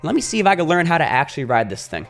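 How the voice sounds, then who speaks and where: Brief: plucky young girl learning to ride a bike, high and eager, put on by a man. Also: big pitch swings, rapid-fire, gravelly, fairly bright tone, faint music behind, heavily acted.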